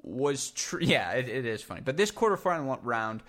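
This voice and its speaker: A man's voice: medium pitch, sing-song, normal speed, fairly bright tone. A man hosting a casual tennis podcast, joking with co-hosts and leading the talk with questions. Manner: joking, leads the discussion with questions. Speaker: podcast host. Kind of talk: casual sports podcast chat.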